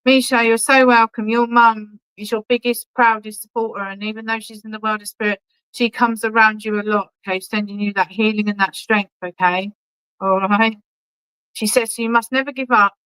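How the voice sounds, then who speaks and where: A spiritualist medium gives clairvoyant readings at an online church service, chatty and reassuring, checking in with "okay?" and affectionately calling people darling. Her medium-pitched voice is clear, resonant and a bit bright, with little pitch movement and a moderate pace, on a rough recording.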